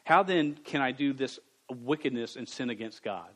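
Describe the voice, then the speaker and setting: A man preaching a sermon to young people, stammering at times and jumping from quiet reading to loud bursts. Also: medium pitch, moderate pace, low-quality recording. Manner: stammers on words.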